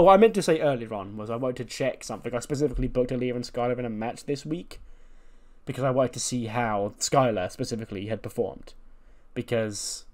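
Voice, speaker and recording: A man's voice: mid-range voice, darkish tone. A man casually commenting on a wrestling booking game, playful and chatty, acting out the scenes. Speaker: gaming video host.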